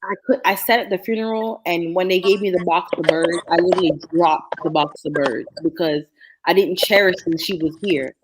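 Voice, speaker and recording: A woman's voice: lowish voice, normal speed, noisy background. A woman co-hosting a casual podcast chat, telling a heartfelt personal story and speeding up when moved. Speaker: co-host.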